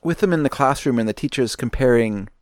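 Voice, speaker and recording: A man's voice: mid-range voice, a little fast, no echo, studio quality. A man co-hosting a movie review podcast, chatting in an easygoing, rambling way and laughing often. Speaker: podcast co-host. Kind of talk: casual movie review chat.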